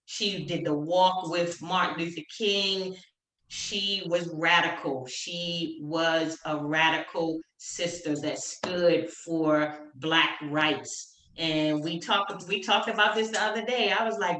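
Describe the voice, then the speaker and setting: Animated woman in a roomy echo. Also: fairly low pitch, slow pace. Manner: animated, acts out quoted voices, repeats herself. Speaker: panel guest sharing stories. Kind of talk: casual group chat. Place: home, on a video call.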